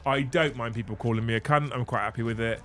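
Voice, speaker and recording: A man's voice: medium pitch, fast talker, a bit bright. A man hosting a hobby livestream, chatting casually with rambling, sweary banter. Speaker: livestream host.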